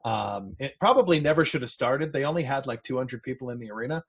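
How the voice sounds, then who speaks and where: A man's voice: mid-range voice, expressive, fast, slightly rough, dull audio. Chatty male podcast host. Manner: chatty, with restarts and fillers. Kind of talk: casual podcast chat.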